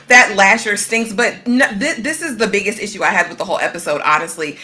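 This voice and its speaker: Blunt opinionated woman with a bright voice. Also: mid-range voice, a little fast. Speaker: podcast co-host. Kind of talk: casual recap chat.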